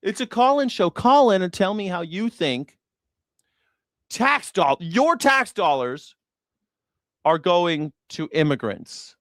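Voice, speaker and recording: A man's voice: high-pitched, very animated, slow pace, pauses often, a bit bright, no echo, clean studio sound. A man hosting a news reaction stream, ranting sarcastically and swearing as he argues with his chat. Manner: profane, sarcastic, arguing with chat. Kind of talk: heated political commentary.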